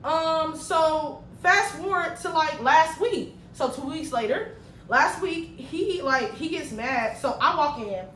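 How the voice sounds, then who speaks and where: A woman in her twenties telling a slangy, animated story while she cooks in her kitchen. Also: sits high, takes it slowly, a little hiss or hum. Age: 20s. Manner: animated, slangy, swings loud when retelling. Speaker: vlogger. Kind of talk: storytime vlog while cooking. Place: home kitchen. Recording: echoey room, mic at a distance.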